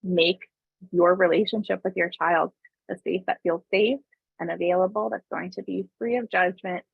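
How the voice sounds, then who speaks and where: A woman presenting a parenting webinar in a relaxed, conversational way, often adding tag questions. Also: lowish voice, normal speed, vocal fry, breathy edge, no echo. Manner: calm explaining tone, briefly voices parents and kids. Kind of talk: informal online presentation. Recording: tinny phone-like dry webinar audio.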